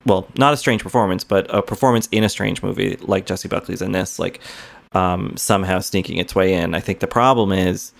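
A man adds dry, cynical remarks to a film discussion. He hesitates and trails off. His voice sits a bit low. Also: a little fast, vocal fry. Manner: wry, hesitant, trails off with fillers. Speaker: podcast panelist.

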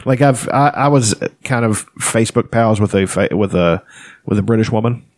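A man's voice: on the low side, moderate pace, darkish tone, no echo. A man in casual chat as a podcast co-host, rambling, laughing often and swearing freely.

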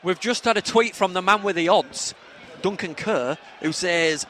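A man trading jokey banter as a football podcast co-host. His voice is high and bright, with a faint hum of outdoor noise around him. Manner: chatty, jokey, quick to tease.

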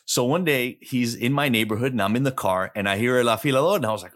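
A middle-aged man hosts a podcast in relaxed, chatty conversation. His talk is loose and informal, dotted with "like" and "bro.". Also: medium pitch, fast talker, hardly any pauses. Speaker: podcast host. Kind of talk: casual chat.

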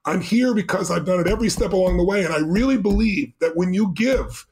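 Fast, high-voiced man telling a story. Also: gravelly, slight background noise. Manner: animated, emphatic storytelling with voiced quotes. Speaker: guest. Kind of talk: storytelling in a podcast interview.

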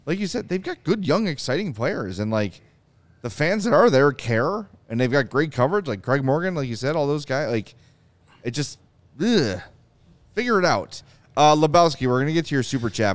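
A man hosting a podcast, talking sports in an animated, emphatic way. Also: medium pitch, clear, resonant tone, dry recording. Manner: animated, emphatic, quotes players in asides. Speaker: podcast host. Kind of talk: casual sports talk.

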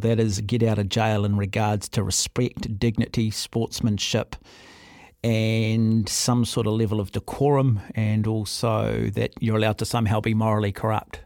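A man's voice: on the low side, little pitch movement, normal speed, darkish tone, dry recording, studio quality. A middle-aged man with a New Zealand accent hosting a sports talkback radio show. He speaks in a forthright, opinionated way. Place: radio studio. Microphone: studio microphone.

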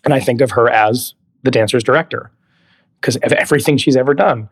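A man in his thirties, a podcast guest, telling career stories in a lively, animated way. He laughs easily and slips into the voices of the people he quotes, with a mid-range voice. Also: mid-range voice, brisk, breathy edge. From California. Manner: animated storyteller, laughs often, acts out quoted dialogue. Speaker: guest, Broadway actor. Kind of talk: casual interview chat.

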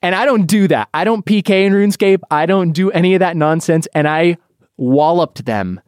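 A young man hosting a casual podcast chat, telling animated stories and laughing often. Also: high-pitched, normal speed, clear, resonant tone, dry recording, clean studio sound. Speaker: podcast host.

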